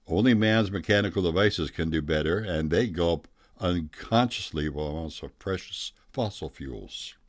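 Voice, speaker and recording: Deep-voiced man telling a tall tale. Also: dry recording, studio quality. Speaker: storyteller.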